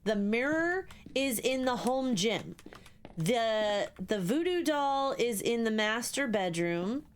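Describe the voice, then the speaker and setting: A young woman streaming a ghost-hunting game live, talking to her chat in an excitable, swearing, chatty way. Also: fairly high pitch, takes it slowly, clear, resonant tone. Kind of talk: live gameplay commentary.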